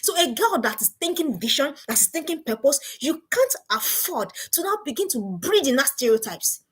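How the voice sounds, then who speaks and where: A woman's voice: sits high, very animated, moderate pace. A middle-aged woman giving an emphatic motivational talk to parents, repeating rhetorical questions. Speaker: parenting speaker.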